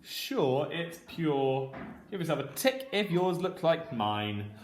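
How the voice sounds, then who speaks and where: A man teaching a phonics lesson to young children with a regional English accent, sounding out words slowly and stretching each sound. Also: fairly high pitch, sing-song. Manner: slow, drawn-out sounding out of words. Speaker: primary school teacher. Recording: roomy echo with faint noise.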